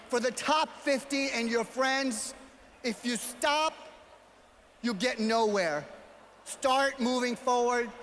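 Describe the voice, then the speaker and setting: A man from New York with a New York accent, giving a motivational speech as a gala speaker and telling a story while often shouting out to the crowd. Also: very high voice, a little hiss or hum. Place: large banquet hall. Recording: hall reverb, faint ambience.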